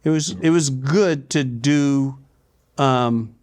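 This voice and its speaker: Older man, halting laid-back talk. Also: mid-range voice. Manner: halting, repeats words, quotes himself in hushed asides. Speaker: guest. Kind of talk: relaxed interview talk.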